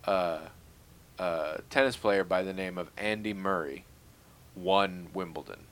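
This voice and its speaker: A man co-hosting a podcast, chatting casually and telling animated stories with the odd curse. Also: deep voice, a little slow. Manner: profane, animated storytelling. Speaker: podcast co-host. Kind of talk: casual chat.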